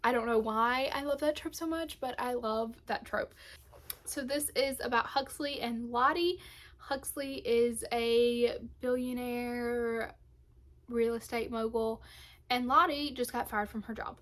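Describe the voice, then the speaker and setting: A young woman, chatting to camera about books she loved, gushing and emotional, dropping to a whisper at times. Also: fairly high pitch. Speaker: booktube vlogger. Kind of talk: casual book review chat.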